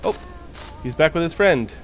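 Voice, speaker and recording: A man's voice: fairly high pitch, lively intonation, moderate pace, a bit bright, slight background noise, poor audio. A man streaming a game live, chatting casually with viewers, joking, teasing and swearing freely.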